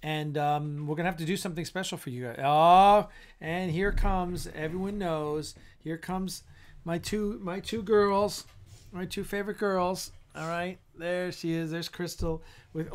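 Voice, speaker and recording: A man's voice: high-pitched, steady tone, a little slow, smooth. Tired, blunt man hosting a live chat. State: tired and yawning. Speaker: host of a live stream. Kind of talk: casual live-stream chat.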